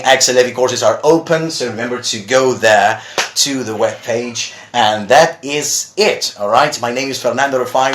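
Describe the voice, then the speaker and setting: A man's voice: medium pitch, fairly bright tone, a little hiss or hum. A man teaching English pronunciation on a live stream, chatting and reading out viewers' comments. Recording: echoey room.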